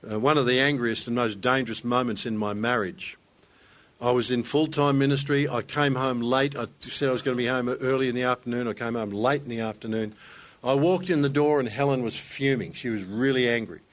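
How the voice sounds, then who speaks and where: A man's voice: medium pitch, a bit bright. A man preaching a sermon, telling a personal story with rising intensity. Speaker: pastor.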